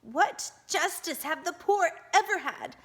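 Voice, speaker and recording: A shrill, grieving peasant woman in black, put on by a woman reading a storybook aloud. She accuses and jeers at a raised pitch, with a lively, swooping line. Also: measured pace, heavily acted. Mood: bitter, accusing.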